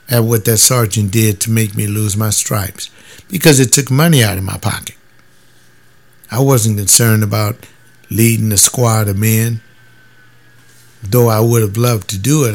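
An older man and former soldier, talking in a casual, emphatic monologue and now and then mimicking other people's voices. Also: lowish voice. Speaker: former soldier sharing views.

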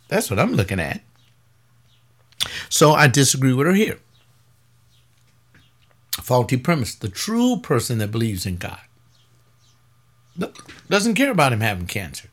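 A male pastor offers webcast commentary, reading a paper and responding to it. He rambles conversationally and throws out blunt rhetorical questions. He sounds tired and aching, at times sinking low and quiet, then rising sharply as he argues.

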